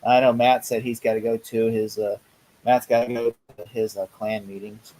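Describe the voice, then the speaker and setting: A man's voice: fairly low pitch, level tone, moderate pace, crowd noise, poor audio. Rambling laughing male stream host. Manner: rambling, laughing, many fillers. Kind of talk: casual watch-party chat.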